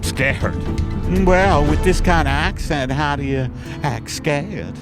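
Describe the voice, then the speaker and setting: A man voicing an unbothered hitchhiking woman with a put-on American Southern drawl, with music clearly behind. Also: on the high side, lively intonation, takes it slowly.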